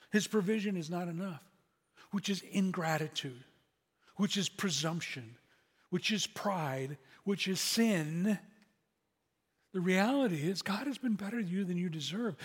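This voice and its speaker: A man's voice: high-pitched, husky, long reverb tail. A man pastor delivering a sermon in a conversational, self-deprecating way.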